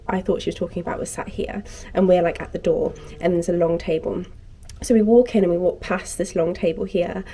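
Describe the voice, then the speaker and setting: A woman in her twenties with a mellow, mid-range voice chats casually to camera as a vlogger. She tells a story animatedly, acting out what each person said.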